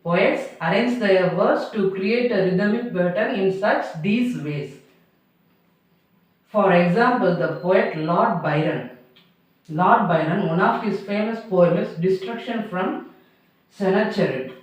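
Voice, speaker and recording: A man teaching a class, who speaks slowly and repeats each point twice with simple, non-native grammar. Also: high voice. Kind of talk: classroom lecture. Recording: roomy echo, mic far off.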